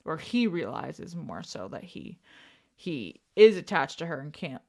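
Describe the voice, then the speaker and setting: A young woman co-hosting a casual podcast chat. Her voice sits low, but her pitch swings widely as she thinks aloud, circling back over her words with fillers and restarts before landing her point. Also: very animated, a little slow, gravelly, a little mellow. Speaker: podcast co-host.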